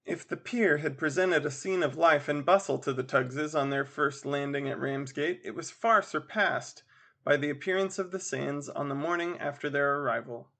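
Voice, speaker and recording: Bright, gravelly man reading a story. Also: a little high, normal speed. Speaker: podcast host and reader. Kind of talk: reading a classic story aloud.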